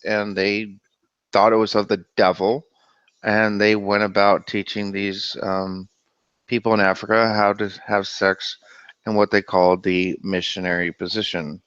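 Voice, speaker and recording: Low-voiced man hosting a livestream. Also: clear, resonant tone, no echo. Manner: animated, exclamatory, quick to laugh. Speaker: livestream host. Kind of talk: casual livestream talk about the Bible. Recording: dull, dry lo-fi sound.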